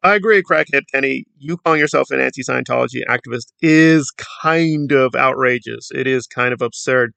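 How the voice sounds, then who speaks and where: A man's voice: mid-range voice, normal speed, vocal fry, few pauses, pushed and bright, dry recording. A man giving a sarcastic, mocking commentary in a conversational, unscripted way. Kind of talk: commentary vlog.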